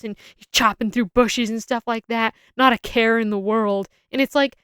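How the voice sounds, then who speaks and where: A woman's voice: fairly high pitch, steady tone, moderate pace, hardly any pauses, fairly bright tone, smooth, no echo, studio quality. A young adult woman giving a casual, opinionated film review, rambling and often restarting her sentences.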